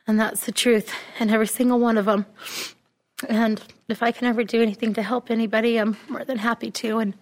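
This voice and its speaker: A woman speaks earnestly and reassuringly, sharing her testimony with a support group. Her voice sits on the higher side, and her pitch stays level and even throughout. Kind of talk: testimony at a recovery meeting.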